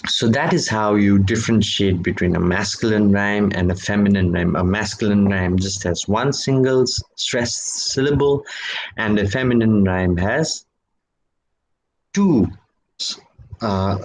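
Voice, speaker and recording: A man lectures on poetry at a university, speaking slowly and with deliberate care. He says "okay" and "right" a lot, and when he reaches an example word he stretches it out and his pitch leaps up. The recording is low quality with a little background noise.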